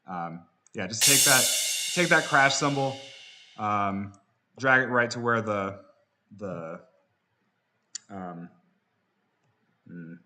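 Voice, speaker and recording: Bright-voiced male production instructor. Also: fairly low pitch, slow, pauses often, faint music behind. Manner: relaxed, many fillers and restarts. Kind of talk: software tutorial.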